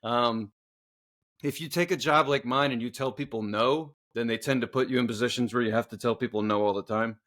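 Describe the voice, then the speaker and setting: A man co-hosting a podcast, telling a workplace story in casual, profane chat and acting out the people in it loudly. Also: mid-range voice, fairly quick. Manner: swearing storyteller, loud animated reenactments. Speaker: podcast co-host.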